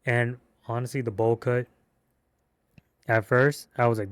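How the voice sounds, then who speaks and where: A man giving a casual movie review, excitable and slangy, with cursing and rambling restarts. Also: mid-range voice, unhurried, smooth, no echo.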